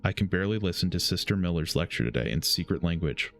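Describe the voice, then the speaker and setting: Deep-voiced man reading game letters. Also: animated, vocal fry, faint music behind. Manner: reads slowly, stumbles and self-corrects. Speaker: gaming streamer.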